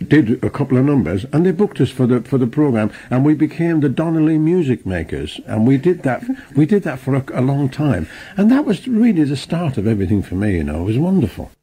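An older Irish man recalls his career in a relaxed interview, chuckling as he goes. His voice is mellow and slightly husky. The melody of his speech rises and falls a lot. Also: mid-range voice, a little fast, few pauses. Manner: chatty storyteller, chuckles, restarts.

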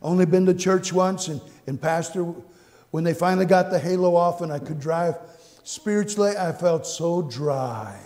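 A man preaching a sermon and telling his own story, earnest and repetitive, going from hushed to exclaiming. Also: high voice, steady tone, normal speed. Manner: earnest, repeats phrases, swings between hushed and exclaiming. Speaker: pastor. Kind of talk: sermon with personal testimony. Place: church sanctuary. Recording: long church reverb.

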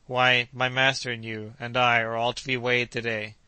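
A man's voice: medium pitch, little pitch movement, normal speed, bright, forceful tone, clean tone, dry recording. Man reading Joe, an eager cheerful manservant. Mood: coaxing. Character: cheerful loyal young manservant, optimistic.

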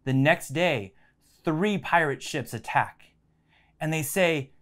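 A man hosting a science channel, calmly walking viewers through a hands-on demonstration step by step. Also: fairly high pitch, takes it slowly. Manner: casual, step-by-step explaining. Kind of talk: instructional demonstration.

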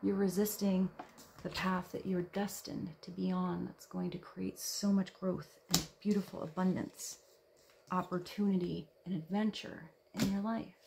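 A woman reading tarot cards in a soft, dreamy way, her voice edged with vocal fry. She drifts between gentle talk and near-whispers. A faint hiss sits under the recording. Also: lowish voice, flat delivery, measured pace. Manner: soft, dreamy, drops to a whisper when reading card texts. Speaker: tarot reader.

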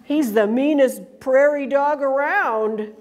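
Woman doing jittery little prairie dogs for a storybook, high and nervous. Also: slow pace. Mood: alarmed. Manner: nervous, hushed. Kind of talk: read-aloud storybook voice.

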